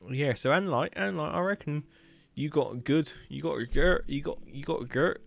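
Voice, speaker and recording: A man's voice: a little high, moderate pace, vocal fry. A young man with a Hampshire accent, chatting casually and rambling as he reviews viewers' builds on a live stream, repeating his words as he goes. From England.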